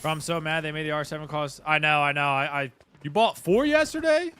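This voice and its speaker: A man's voice: on the high side, expressive, brisk, pushed and bright. A man streaming a game live, chatting casually and greeting viewers by name, with faint music behind.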